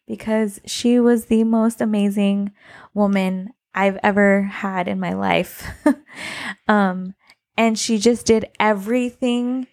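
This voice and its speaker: A young woman casually telling a personal story, animated and laughing often, acting out what people said. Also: medium pitch, creaky. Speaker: podcast co-host telling her birth story.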